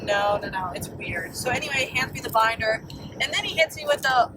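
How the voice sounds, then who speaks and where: A woman's voice: fairly high pitch, fairly quick. Young woman ranting about a guy in a voice memo, kinda far from the mic, background noise going. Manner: exasperated, swearing, animated retelling. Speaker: caller. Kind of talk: voice memo storytime.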